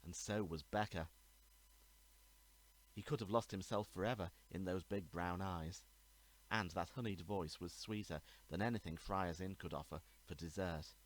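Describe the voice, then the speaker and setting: A man, the author, reading his own murder mystery aloud in a measured, even narration. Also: deep voice, rough recording. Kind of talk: storybook reading.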